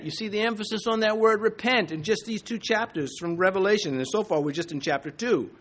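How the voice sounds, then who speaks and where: High-voiced man preaching a sermon. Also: fairly quick, few pauses. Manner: preaching with rising intensity, quoting scripture forcefully. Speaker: pastor. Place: church sanctuary.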